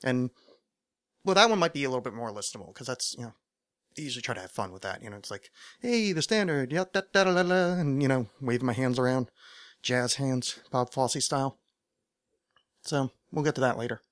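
A man's voice: medium pitch, a little fast, long pauses, no room sound, clean studio sound. A man hosting his own podcast, rambling through a casual monologue, interrupting himself and poking fun at his own ideas. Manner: rambling, self-deprecating, digressive. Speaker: podcast host.

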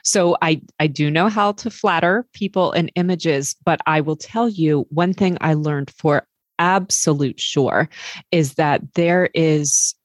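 A woman's voice: low voice, measured pace, dry recording, studio quality. A woman podcast host, chatty and fond of telling stories, interviewing a guest remotely. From Maryland, United States. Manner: chatty, warm storyteller, many fillers. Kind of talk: casual interview chat.

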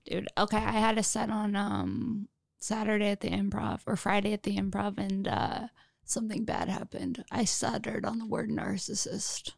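A woman hosts a casual comedy podcast, joking at her own expense with a theatrical streak. Her voice has a gravelly, fried edge. The sound is close and dry. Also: mid-range voice, fairly even intonation, moderate pace, dry recording. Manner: chatty, self-deprecating, dramatic. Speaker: podcast host.

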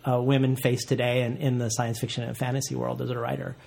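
A man's voice: mid-range voice, little pitch movement, fast talker, vocal fry, a little mellow. A man interviews an author and asks long, winding questions. He hesitates often, with fillers and repeated words, and restarts his sentences several times before he gets to the point.

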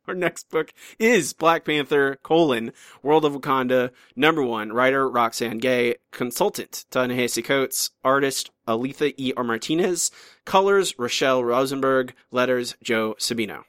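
A man's voice: medium pitch, moderate pace, fairly bright tone, smooth, no echo, clean studio sound. A man co-hosting a podcast, chatting casually and teasingly about comics, often trailing off and restarting his sentences. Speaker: podcast co-host. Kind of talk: casual chat reviewing comics.

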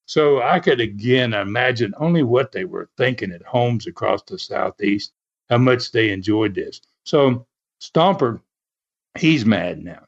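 A man casually telling a wrestling story, animated and chuckling, dropping "man" into his sentences. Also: medium pitch, a little slow. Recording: dull lo-fi recording.

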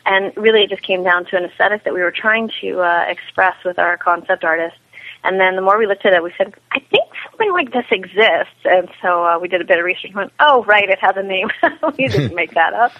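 A woman co-creator of a web series, answering interview questions and telling lively stories with quoted asides. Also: lowish voice, quick pace. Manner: animated storytelling with quoted asides and laughs. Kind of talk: podcast interview guest. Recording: tinny phone line.

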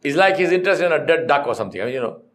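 A man's voice: fairly high pitch, animated, rapid-fire, fairly bright tone. Emphatic man. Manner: emphatic, rhetorical questions, storytelling with blunt humor. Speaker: corporate trainer. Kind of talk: classroom lecture.

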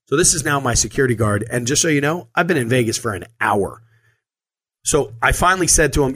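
A man telling a long personal story in a casual monologue, animated and acting out the quoted lines, with frequent fillers and restarts. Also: mid-range voice, quick pace, slightly rough. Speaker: storyteller recounting a trip.

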